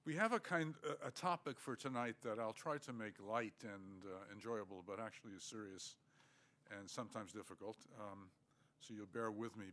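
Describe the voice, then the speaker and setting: An older man giving an academic lecture, measured and halting, with many fillers. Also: lowish voice, fairly bright tone. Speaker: guest lecturer.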